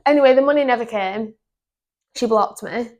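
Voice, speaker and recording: A young woman, co-hosting a podcast and telling a story in an animated, indignant way. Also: on the high side, normal speed, a crowd in the background. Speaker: podcast co-host. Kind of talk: casual chat.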